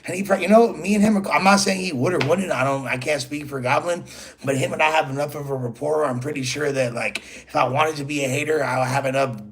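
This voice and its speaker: Speaking a bit quickly in a slightly high voice, this channel host calls out a rival head-on. His talk is casual, profane and rambling, peppered with "bro" and "you feel me."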